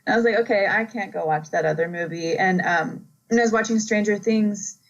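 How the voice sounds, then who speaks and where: A chatty woman in casual podcast talk, voice sitting in the middle range. She laughs a lot and acts out lines from what she describes, lively and expressive. The recording sounds a bit dull and lo-fi. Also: medium pitch, brisk. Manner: animated, laughing, acts out quotes. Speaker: podcast guest. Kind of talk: casual chat.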